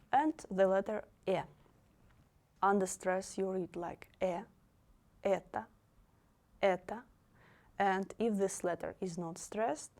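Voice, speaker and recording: A young woman leads an online language lesson, speaking slowly in a somewhat low, mellow voice. She patiently models each word twice so learners can copy her. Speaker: language teacher.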